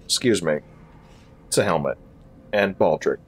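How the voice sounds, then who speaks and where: A man's voice: low voice, a little slow, breathy edge, pitched below the performer's own voice. A man voicing a wary helmeted male warrior who talks in a dry, blunt way.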